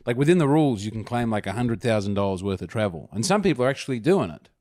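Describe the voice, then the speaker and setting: A man's voice: lowish voice, very animated, fast talker, a little mellow, dry recording, studio quality. A man with an Australian accent, riffing provocatively in a casual comedic podcast chat as a guest.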